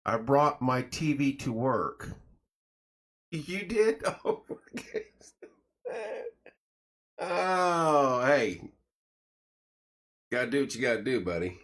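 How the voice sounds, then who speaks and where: A man's voice: mid-range voice, big pitch swings, slow, long pauses, a bit bright. A man hosting a casual morning live stream from a small studio room, greeting viewers by name and reading sponsor plugs in a folksy, joking way.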